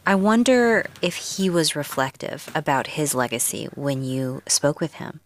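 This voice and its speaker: A woman anchoring a radio news show and interviewing a reporter in a calm manner. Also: deep voice, measured pace. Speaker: news host.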